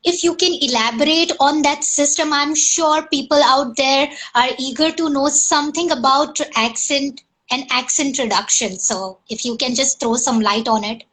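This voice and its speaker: A woman's voice: sits high, a bit bright, low-quality recording. A woman hosting an interview, asking questions hesitantly with many fillers. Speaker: interview host.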